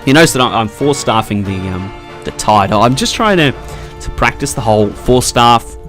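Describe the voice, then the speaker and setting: Young male gameplay commentator, casual and chatty, tense bright tone. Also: medium pitch, normal speed. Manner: chatty, laughs often, excitable at tense moments. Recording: faint background music.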